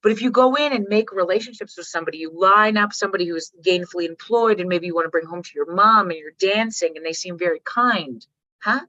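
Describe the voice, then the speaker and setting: A woman from Canada gives a motivational workshop talk in a lowish but bright, forceful voice, telling animated stories with salty language. She keeps checking in with the audience. The sound is dry and a little dull. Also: quick pace, no echo. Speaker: workshop speaker.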